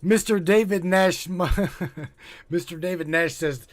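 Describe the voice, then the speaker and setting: A man's voice: high-pitched, slow, dry recording. A male host of a live call-in show who jokes, laughs and swears while taking callers. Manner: laughing, profane, joking. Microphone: studio mic.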